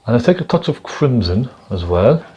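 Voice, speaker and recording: Man, painting instructor, talks the viewer through each step, mid-pitched voice, slightly muffled sound. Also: very animated, moderate pace, slightly rough. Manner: gentle, chatty, keeps checking in with the viewer.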